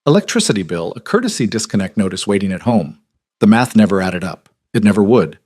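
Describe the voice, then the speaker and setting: Low-voiced male story narrator. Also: big pitch swings, a little mellow, no echo, studio quality. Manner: measured, dramatic reading.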